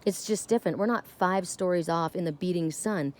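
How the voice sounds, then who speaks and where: A woman chatting casually on her home deck, expressive and talking to her pets between thoughts. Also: fairly low pitch, fairly quick. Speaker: spiritual vlogger. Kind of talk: casual chat.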